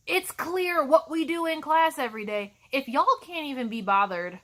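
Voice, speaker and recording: A woman's voice: high voice, animated, normal speed, fairly bright tone. A woman college instructor ranting to camera in a snarky, sarcastic, exasperated way.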